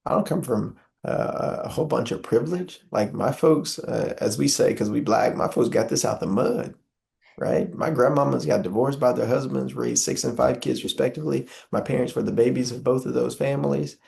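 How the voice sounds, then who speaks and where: Gravelly young man, preacherly. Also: mid-range voice, moderate pace, a little mellow. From Southern US. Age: young adult. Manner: impassioned, preacherly, frequent filler "uh". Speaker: guest. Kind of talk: earnest interview conversation.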